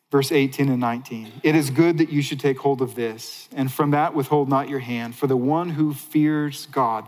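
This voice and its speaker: A male pastor preaching in a church sanctuary, his somewhat high voice carrying a long reverb. He swings from excited, emphatic bursts to quiet, hushed stretches. His delivery is lively and conversational. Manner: animated preaching, shifting between excited highs and hushed lows. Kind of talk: sermon.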